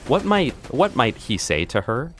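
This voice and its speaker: A man streaming a game live, telling rambling pun jokes to his chat and bursting into excited reactions. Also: moderate pace, soft background music. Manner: animated, jumps into high excited outbursts. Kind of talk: live gameplay commentary.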